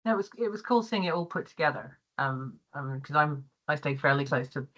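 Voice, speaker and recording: A man's voice: a little high, animated, fairly quick, a bit bright, highs cut off. A man taking part in a casual discussion, speaking hesitantly with many fillers and restarts. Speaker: participant.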